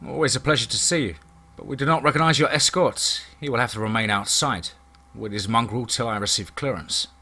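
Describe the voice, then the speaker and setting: A man's voice: medium pitch, brisk, sharp tone. Man doing a formal manor guard. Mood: firm.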